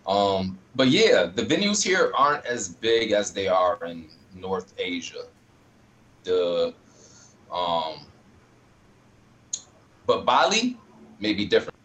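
A man's voice: lowish voice, sing-song, slow pace, long pauses, fairly bright tone, a little hiss or hum, low-quality recording. Laid-back, slangy man on a video call. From Rochester, New York. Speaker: guest. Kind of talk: casual video call interview.

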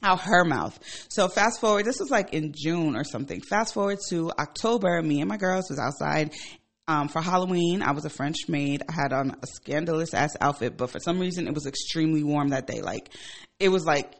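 A woman in her forties, a radio show host, telling a personal story in a casual, animated and profane way. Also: brisk. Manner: animated and profane, with emphatic swings in pitch and loudness.

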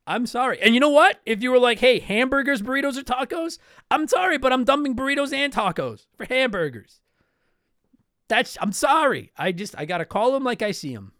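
A man's voice: extremely high pitch, sing-song, brisk, fairly bright tone, dry recording, clean studio sound. A young man from Canada hosting a casual talk show, answering listener mail in a rambling, apologetic way with lots of restarts. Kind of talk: casual chat.

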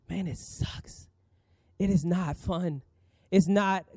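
Man, pastor, sermon, emphatic, dramatic pauses, slightly high pitch, dry sound. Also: dark tone, no echo.

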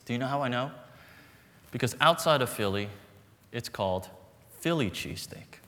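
A man's voice: medium pitch, animated, fairly bright tone. Preaching man in a reverberant hall. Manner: storytelling with humor and dramatic pauses. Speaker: pastor. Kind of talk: sermon. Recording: long reverb in a large hall.

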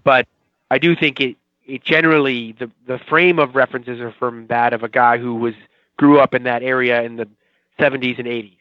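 With a mid-range voice, fairly even intonation and a brisk pace, a Boston-area man in his forties from Watertown talks casually as a TV writer guest in an interview. He rambles and pokes fun at himself, and the audio is dull, with no echo.

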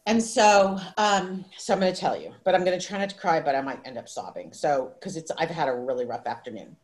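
A woman's voice: low-pitched, brisk. A woman in her fifties hosting a video call, telling a personal story in a rambling, emotional way, full of restarts and asides. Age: 50s. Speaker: livestream host. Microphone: video call microphone.

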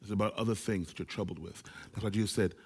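A male pastor preaching a sermon to a small church gathering, with animated delivery that swings between loud and hushed. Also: fairly low pitch, fast, slightly rough, long reverb tail. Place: small church service with few people present.

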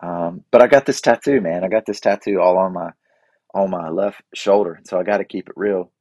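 Easygoing man in his forties, low voice. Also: brisk, a little mellow, no room sound, highs cut off. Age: 40s. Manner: easygoing, rambling with fillers and restarts. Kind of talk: casual reflective chat.

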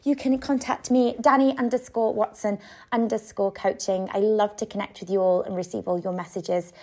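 A woman in her thirties hosting a solo coaching podcast, talking gently and reflectively, with soft laughs and frequent "you know". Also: medium pitch, fairly even intonation, moderate pace. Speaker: podcast host and business coach.

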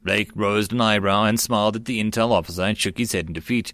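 A man's voice: lowish voice, fast, a bit bright, dry recording. A man reading a web novel aloud as an audiobook, doing all the parts himself and raising his voice for the dialogue. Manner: reads all parts himself, lifting his voice for quoted lines. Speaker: audiobook narrator.

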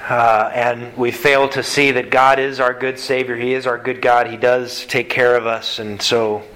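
A man preaching a sermon as pastor, earnest and animated, with quick asides between scripture readings. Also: mid-range voice, a little hiss or hum, low-quality recording.

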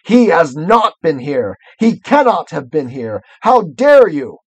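Imperious storybook witch queen read by a man, raised pitch, commanding and cruel, dry close sound. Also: sing-song, measured pace, darkish tone, no room sound, full character voice.

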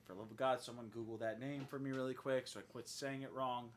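A man's voice: fast talker, slight background noise. A man hosting a podcast in casual chat, animatedly retelling a show and acting out its lines. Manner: animated storytelling, acts out lines with big pitch jumps. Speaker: podcast host.

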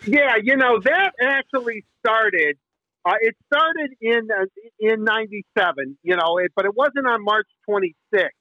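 A man's voice: sits high, animated, normal speed, dry recording. A middle-aged man from Michigan, a sports radio host telling a rambling story with many fillers and restarts. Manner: bursts into singing the team song. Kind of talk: casual interview storytelling. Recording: tinny phone line.

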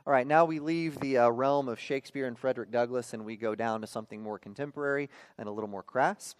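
A man in his thirties preaching a sermon as a pastor, often checking in with the listeners with quick rhetorical "okay?" and "right?". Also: medium pitch, dry recording, clean studio sound.

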